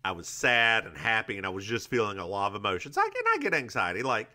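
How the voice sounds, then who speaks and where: A man co-hosting a casual podcast chat speaks quickly in a fairly low voice. He tells stories animatedly, acting out what people said.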